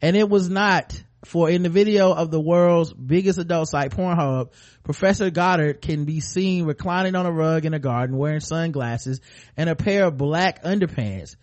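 A man's voice: a little high, moderate pace, a little mellow. A man co-hosting a comedy podcast, reading a news story aloud and breaking off for crude jokes. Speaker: podcast co-host. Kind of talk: comic news read with banter.

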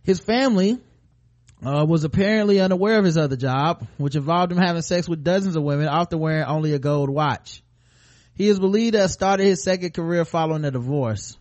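A man's voice: on the high side, a little fast, a little mellow, dull audio. A man co-hosting a comedy podcast, reading a news story aloud and breaking off for crude jokes. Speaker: podcast co-host. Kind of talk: comic news read with banter.

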